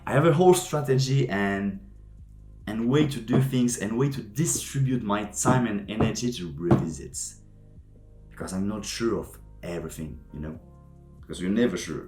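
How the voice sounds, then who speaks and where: A man's voice: lowish voice, darkish tone. A young man, a vlogger musing aloud in a rambling way, often searching for his words. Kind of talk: casual reflective monologue to camera. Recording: echoey room with faint music.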